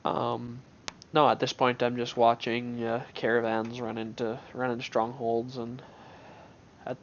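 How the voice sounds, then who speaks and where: A man's voice: mid-range voice, little pitch movement, measured pace, dull audio, a little hiss or hum. A man giving casual gameplay commentary on his own match, thinking aloud in an offhand way with many restarts.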